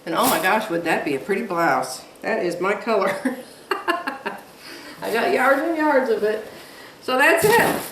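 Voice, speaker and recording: A woman's voice: medium pitch, expressive, a little slow, pauses often, fairly bright tone, roomy sound, distant mic, slight background noise, rough recording. A woman vlogging from home in a chatty, gushing way, laughing often as she talks. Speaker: quilting vlogger. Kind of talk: casual chat to camera. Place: home room.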